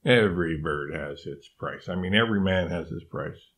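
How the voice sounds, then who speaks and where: A greedy mad scientist from a storybook, pressing and wheedling to buy a bird, read by a man. The voice sits very low and stays pushy. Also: normal speed, a bit bright. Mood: pleading. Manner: insistent, wheedling haggling.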